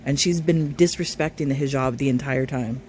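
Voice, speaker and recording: A man's voice: medium pitch, brisk, heavy background noise. A man commentating on a live stream, reading viewer comments aloud and arguing back at them. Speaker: reaction commentator.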